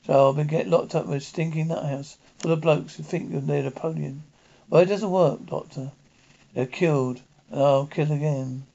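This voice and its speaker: A man's voice: on the high side, steady tone, normal speed, vocal fry, mellow. A man playing a desperate, paranoid murderer in custody, turning accusing and frantic. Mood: defiant. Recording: dull lo-fi recording.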